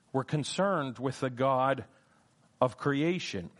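A man's voice: animated, unhurried. A man teaching a sermon on scripture, emphatic and repetitive, swinging his voice up and down to stress key points. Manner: emphatic, repeats key phrases, wide swings in pitch and loudness. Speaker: preacher.

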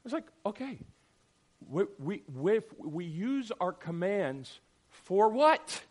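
A middle-aged man leads a Bible class, mixing sarcasm with acted-out voices as he teaches. His voice sits fairly high and swings widely in pitch. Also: very animated, slow. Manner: sarcastic, acts out quoted voices.

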